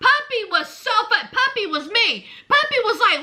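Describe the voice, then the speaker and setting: A woman's voice: extremely high pitch, sing-song, normal speed, pushed and bright. A woman giving a casual, sassy recap of a reality show, chatty and laughing often as she tells it.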